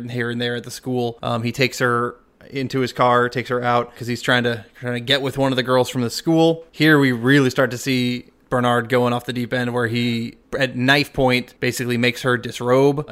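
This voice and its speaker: A man's voice: medium pitch, a bit bright, smooth. A man co-hosting a podcast, casually retelling movie scenes in a chatty way. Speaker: podcast co-host. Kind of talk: casual film recap.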